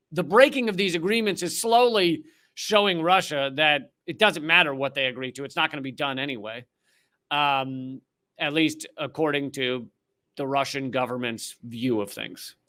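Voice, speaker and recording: A man's voice: on the high side, moderate pace, sharp tone. A man hosting a political comedy commentary, reading a document aloud and breaking off with sardonic asides. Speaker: host.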